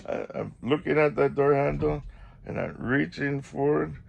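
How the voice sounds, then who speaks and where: A man's voice: a little high, moderate pace, vocal fry, muffled recording, slight background noise. A man vlogging, telling a story casually and animatedly, acting out the quotes.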